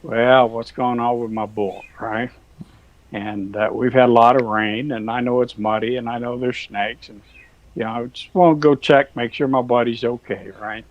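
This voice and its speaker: A man's voice: mid-range voice, steady tone, moderate pace, no echo, lo-fi sound. A man, a cattle rancher, telling a rambling farm story in a folksy, chuckling manner. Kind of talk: casual storytelling.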